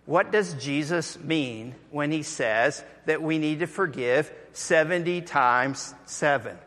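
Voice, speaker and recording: A man's voice: on the high side, slow pace, few pauses. Man preaching in an echoey hall. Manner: animated storytelling, acting out quoted voices. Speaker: pastor. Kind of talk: sermon.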